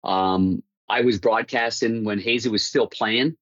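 A man with a lowish voice tells long broadcasting stories, stumbling and restarting as he goes and laughing at his own punchlines. The sound is dull and dry, like a muffled remote line. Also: fairly even intonation, measured pace, fairly bright tone, dry recording. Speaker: hockey broadcaster, interview guest. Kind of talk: casual storytelling interview.

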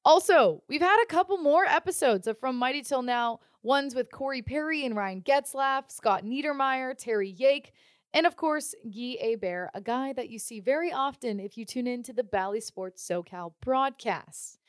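A woman podcast host reading a scripted episode intro in an upbeat, brisk way. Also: high-pitched, animated, no echo, clean studio sound.

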